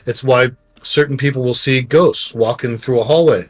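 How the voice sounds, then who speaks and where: Middle-aged male co-host, rambling emotional storyteller, mid pitch, light music bed. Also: normal speed. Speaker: podcast co-host. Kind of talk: casual storytelling chat.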